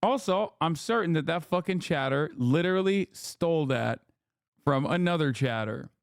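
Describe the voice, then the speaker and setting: A man's voice: a little high, lively intonation, normal speed, gravelly, clean tone, dry recording. A man hosts a livestream and reacts to online posts in a mocking, sarcastic tone. His voice is clean and resonant. The sound is dry and close, with no room around it. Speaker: livestream host.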